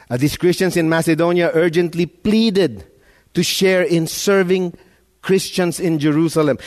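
Pastor guy preaching, emphatic, kinda high voice, repeats himself a lot. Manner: emphatic, repeats words, rises and falls in loudness. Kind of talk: sermon.

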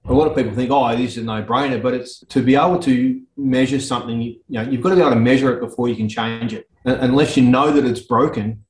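A man's voice: mid-range voice, fairly even intonation, quick pace, hardly any pauses, darkish tone. A man with an Australian accent who owns an auto repair shop speaks frankly and earthily as an interview guest, with many restarts. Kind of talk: candid interview conversation. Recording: echoey room.

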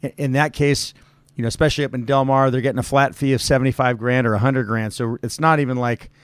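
A middle-aged man talks bluntly and freely, telling stories in a casual interview chat. His voice sits at an average pitch, and he often acts out what other people said. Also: steady tone, quick pace, clear, resonant tone, no room sound, clean studio sound. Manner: outspoken storyteller, acts out quotes. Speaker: arena manager, guest. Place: office.

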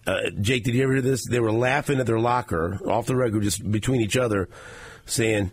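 A man's voice: mid-range voice, fairly even intonation, fast talker. A man hosting a sports radio show. He tells stories in a rambling way and often restarts his sentences.

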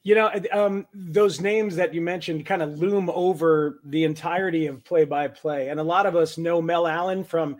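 Guy hosting a chat show, high voice, lots of ums. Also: fairly even intonation, normal speed, hardly any pauses. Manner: chatty, hesitant with fillers. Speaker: interview host. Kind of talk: conversational interview.

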